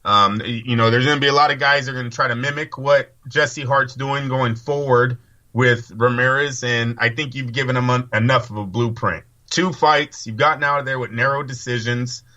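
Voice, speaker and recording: A man's voice: medium pitch, steady tone, normal speed, pushed and bright, lo-fi sound. A man co-hosting a casual boxing podcast, giving rambling, opinionated takes with casual swearing. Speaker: co-host.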